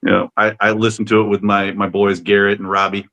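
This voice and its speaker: A man's voice: on the low side, level tone, a little fast, fairly bright tone, dull audio. Man joking around on a podcast. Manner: playful, jokey. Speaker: podcast co-host. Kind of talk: casual chat.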